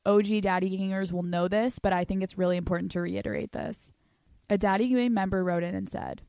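A young woman hosts a podcast in a medium-pitched, steady voice that is brisk, gravelly, dark, clear and resonant, recorded dry with studio quality. In a casual monologue she reads listener questions aloud and answers them, brash and profane, laughing a lot.

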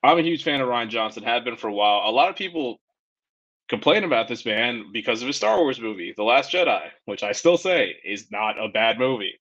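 A man co-hosting a casual movie review chat, upbeat and opinionated, talking in quick bursts. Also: mid-range voice, expressive, a bit bright. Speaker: podcast co-host. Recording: dull lo-fi sound.

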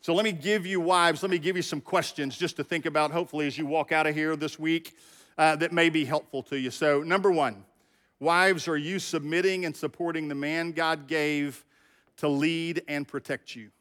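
A man's voice: on the high side, steady tone, moderate pace, fairly bright tone, long reverb tail. A middle-aged man preaching a sermon as pastor, talking conversationally and directly to his congregation. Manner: conversational, talks straight to the congregation.

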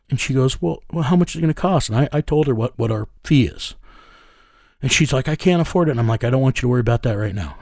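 A man's voice: medium pitch, darkish tone, no room sound, studio quality. A man working as a child recovery investigator, telling a story in an interview in a blunt, profane way with many fillers.

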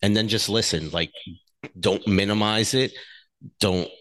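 A middle-aged man with a very low, deep voice co-hosts a casual relationship talk. He speaks earnestly and frankly, drifting into personal stories and swearing now and then. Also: a little slow, fairly bright tone. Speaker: podcast co-host.

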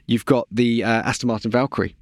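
A man's voice: mid-range voice, steady tone, fast talker, dry recording. Male podcast host, casual and giggly, hesitant phrasing, dry studio sound. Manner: chatty, laughs often, hesitant with ums. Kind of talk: casual chat.

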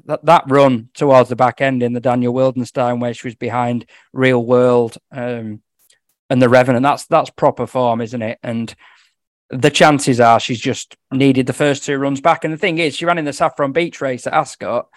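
A man giving casual horse racing tips on a podcast, talking quickly through form with a joking edge. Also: medium pitch, steady tone, no echo, clean studio sound. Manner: quick, chatty form analysis with jokes. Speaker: racing tipster.

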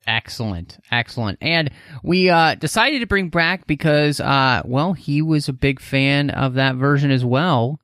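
A man's voice: on the high side, measured pace, fairly bright tone, clean tone, no room sound, studio quality. Chatty man hosting a podcast. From Texas. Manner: chatty, rambling with many fillers. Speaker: podcast host. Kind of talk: casual podcast chat and show plugs.

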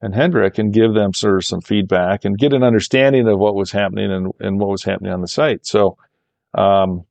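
A man with a low, gravelly voice tells a long travel story in a relaxed interview, full of restarts and asides. He brightens whenever he quotes the people he met. The sound is dry and close. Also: fairly quick, no echo. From Michigan, USA. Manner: rambling, animated when quoting others. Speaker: golf course architect guest.

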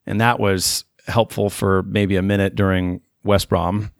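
A man's voice: sits low, little pitch movement, unhurried, gravelly, no room sound, studio quality. A man hosting a casual sports podcast, asking the others questions and steering the talk. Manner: moderating, asks questions, brief acknowledgements. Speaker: podcast host.

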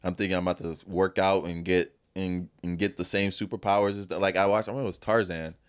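A young man with a fairly low voice, talking easily on a casual podcast. He laughs along and keeps the chat going by asking questions. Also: fast talker, clean tone. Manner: relaxed, laughing, asks questions.

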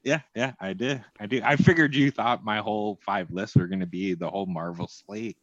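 A man's voice: on the low side, fairly quick, dry recording, dull audio. A man co-hosting a casual podcast chat, laid-back and joking, swearing casually. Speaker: podcast co-host.

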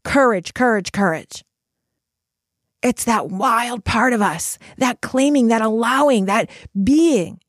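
A middle-aged woman podcast host speaking in a casual, animated motivational monologue, full of fillers and swearing. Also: fairly high pitch, slow pace, no echo, clean studio sound. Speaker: podcast host and retreat coach. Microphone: studio microphone.

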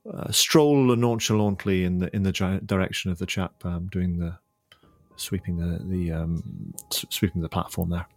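A man playing a tabletop role-playing game, hesitant and full of ums as he explains his moves. His voice is very deep with a gravelly fry, heard dry and close. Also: fairly even intonation, normal speed, dry recording, soft background music. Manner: hesitant, many fillers. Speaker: player.

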